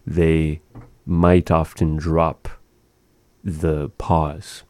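A man leads a language lesson in a slow, patient way, repeating each word for his listeners. His voice sits very low and sounds mellow. The recording is dry and close. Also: level tone, dry recording. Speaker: language teacher.

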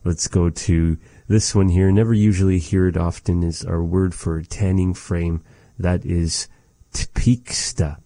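A man teaching vocabulary in a casual lesson, repeating each word slowly with chatty asides. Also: deep voice, level tone, warm tone, dry recording. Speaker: language teacher.

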